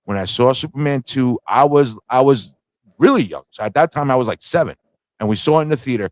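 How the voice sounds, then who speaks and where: A man co-hosting a casual movie review chat, excitable and laughing, acting out scenes as he talks. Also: medium pitch, fairly quick, no echo. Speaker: podcast co-host.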